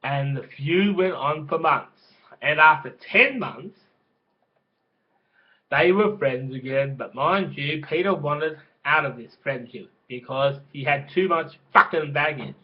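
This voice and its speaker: A man's voice: fairly high pitch, takes it slowly. A man telling a crude, rambling story in casual spoken style, with swearing and restarts. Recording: dull lo-fi recording.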